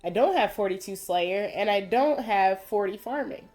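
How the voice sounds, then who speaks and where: A woman's voice: medium pitch, animated, moderate pace, a little mellow, faint music behind. A young adult woman giving casual, wry commentary as she plays a video game, thinking aloud as she goes. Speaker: gaming video host.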